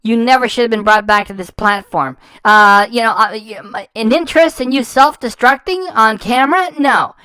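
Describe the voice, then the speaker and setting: Scornful woman with a smooth clear voice. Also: fairly high pitch, normal speed, few pauses, pushed and bright, dry recording, poor audio. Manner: mocking, sarcastic and profane, stumbles when worked up. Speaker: reaction channel commentator. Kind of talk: scathing reaction commentary.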